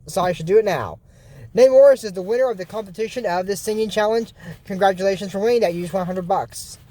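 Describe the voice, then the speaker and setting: A man's voice: sits high, fast, warm tone, a little hiss or hum. A man hosting his own online channel, retelling a cartoon episode in a loose, meandering way with frequent restarts. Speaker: YouTuber recapping cartoon episodes. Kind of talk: casual rambling recap.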